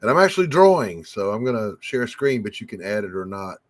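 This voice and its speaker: A man who is a guest artist on a drawing livestream, chatting casually with dry, deadpan humor. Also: on the low side, fast talker, dry recording, low-quality recording.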